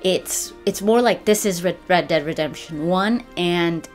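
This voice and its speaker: A woman's voice: fairly low pitch, measured pace. A woman giving a chatty, enthusiastic video game review in a casual vlog, with faint music behind her.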